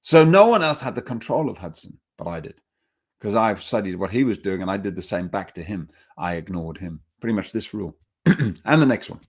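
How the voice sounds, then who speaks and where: A man giving a dog training webinar, telling stories with lively acted quotes and getting emotional at times. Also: lowish voice, brisk. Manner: animated storytelling, acts out dogs in quotes. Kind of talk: webinar talk.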